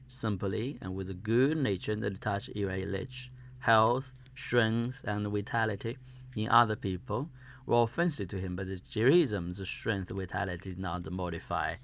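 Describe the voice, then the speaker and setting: A man reads a classic novel aloud in a low, gravelly voice. He reads in a halting way and now and then stumbles over a word. Faint noise sits under the recording. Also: a bit bright. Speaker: audiobook reader.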